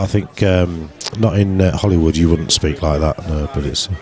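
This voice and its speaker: A man's voice: low-pitched, normal speed, a little mellow. Bantering British pool commentator, man. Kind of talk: casual live commentary. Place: pub venue.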